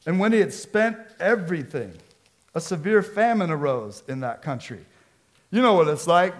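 A man, a pastor from the Seattle area, preaching a sermon with lively storytelling and acted-out quotes. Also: fairly high pitch, moderate pace. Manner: storytelling, animated, acts out quotes.

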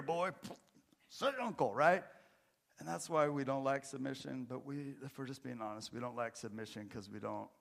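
A middle-aged male pastor delivers a sermon in a church. He mixes self-deprecating jokes with quieter, earnest emphasis, in a voice of middle pitch. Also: vocal fry.

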